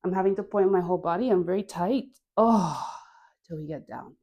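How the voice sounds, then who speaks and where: A woman's voice: fairly low pitch, fairly quick, dark tone. A woman leading a guided dance class, encouraging and playful, often laughing, talking while she dances with a mic on. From Caribbean. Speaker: dance instructor. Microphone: wearing a mic.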